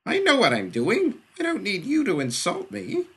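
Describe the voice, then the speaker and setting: A man's voice: on the high side, huge pitch swings, measured pace, gravelly, fairly bright tone, slightly rough, voice pushed up, exaggerated voice. A man voicing a fourteen-year-old boy on the run, who talks in a tense, snarling, whiny way. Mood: desperate defiant. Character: jumpy teenage boy on the run, defiant.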